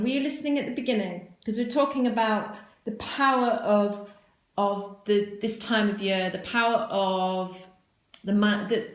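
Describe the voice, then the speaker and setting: A woman's voice: medium pitch, reverberant. A woman hosting a casual live session as a spiritual teacher, chatty and encouraging as she reads out viewer comments. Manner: warm, encouraging, chatty with frequent restarts.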